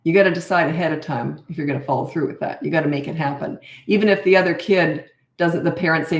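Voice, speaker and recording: A woman in her fifties, answering parenting questions on a live stream in a calm, plain-spoken way. Her voice sits low. The room around her sounds echoey. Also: fast talker. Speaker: parenting coach.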